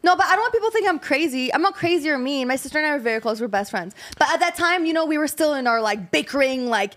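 A woman's voice: high-pitched, expressive, fast, fairly bright tone. A young woman who moved to the US as a child, telling a story in casual podcast chat, giggling through it with lots of fillers. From abroad, moved to the US at ten.

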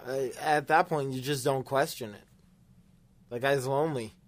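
A man's voice: mid-range voice, fairly even intonation, moderate pace. A man appearing as a guest on a casual comedy podcast, throwing in dry quips.

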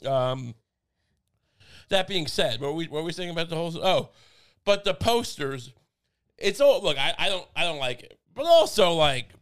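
A man's voice: a little high, sing-song, moderate pace, a bit bright, clear, resonant tone. A young man co-hosting a casual comedic podcast chat, rambling with stammered restarts and silly put-on voices. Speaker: podcast co-host.

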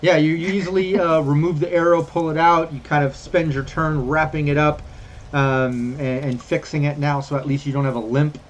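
A man running a tabletop game as game master, talking in a relaxed, rambling way with many fillers. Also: fairly high pitch, moderate pace, slight background noise.

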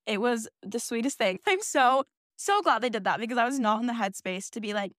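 A young woman hosts a podcast from a small closet, her fairly high voice expressive and fairly bright, with clean studio sound and no echo. She tells a personal story candidly and emotionally, with quick asides.

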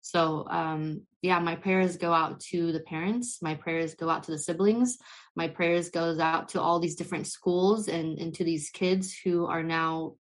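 A young woman with a notably low voice talks as a podcast guest. Her speech is passionate and flowing, full of heartfelt spiritual conviction. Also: steady tone, measured pace.

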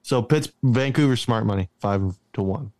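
A man's voice: medium pitch, normal speed, a little mellow, dry recording, studio quality. A man co-hosting a casual sports podcast, joking around and arguing about betting on favorites. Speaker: podcast co-host.

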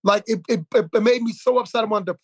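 A man hosting a podcast, telling a story in a lively way, acting out quotes with plenty of fillers and restarts. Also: high-pitched, fast, slightly rough, no room sound. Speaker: podcast host. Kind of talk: casual podcast conversation.

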